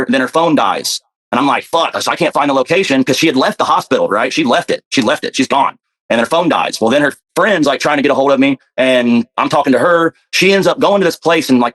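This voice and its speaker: A man casually telling a story, fast and profane, often repeating himself. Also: mid-range voice, animated, fairly bright tone.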